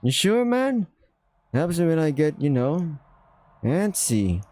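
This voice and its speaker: A man voicing a friendly, chatty male dingo in a visual novel, in a high, breezy put-on voice with a rough British try. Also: sing-song, slow, a little mellow. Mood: soothing. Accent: attempted British.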